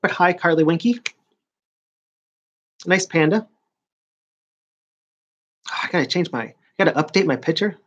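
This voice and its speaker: A man's voice: a little high, lively intonation, moderate pace, pauses often. Rambling New York man on a dull lo-fi stream. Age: 40s. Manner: rambling, stop-start, chatting to viewers. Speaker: live-stream host. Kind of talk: casual live-stream chat.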